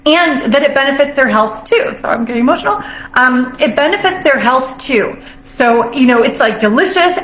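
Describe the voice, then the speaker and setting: A woman giving a casual motivational talk as a nutrition coach, bubbly and quick to laugh, stretching out phrases for emphasis. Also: sits high, a bit bright, reverberant, slight background noise, rough recording.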